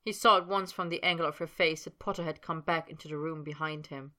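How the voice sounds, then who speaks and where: A woman narrating a work of fiction as an audiobook, in a steady storytelling manner. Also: sits low, quick pace.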